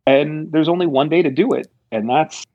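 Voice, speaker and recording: A man's voice: fairly high pitch, normal speed, a little mellow, dry recording. An American man in casual political chat, rambling and thoughtful with many fillers and restarts, on a dull lo-fi recording. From United States.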